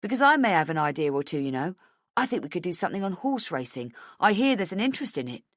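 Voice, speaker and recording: A woman voicing a joking middle-aged male coworker who talks quickly. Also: fairly low pitch, big pitch swings, no echo, studio quality. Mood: jokey. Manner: quick, jokey.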